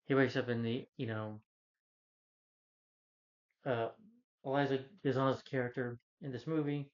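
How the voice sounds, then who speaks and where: A man's voice: mid-range voice, fairly even intonation, measured pace. Man, rambling movie rant, casual talk, acts out scenes, slightly dull lo-fi sound. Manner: rambling, retells scenes acting out lines. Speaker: film reviewer.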